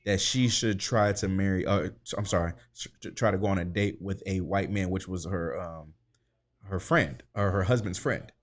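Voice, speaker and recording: A man hosting a casual talk show, telling stories in a slangy, animated way with lots of fillers. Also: deep voice, moderate pace. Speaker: podcast host. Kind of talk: casual chat.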